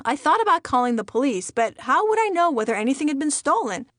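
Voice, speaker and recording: A woman's voice: high-pitched, very animated, fast talker, fairly bright tone, no echo. A woman from Iran reading her own memoir aloud with a wry, dry humor. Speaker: memoir narrator. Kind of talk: audiobook memoir narration.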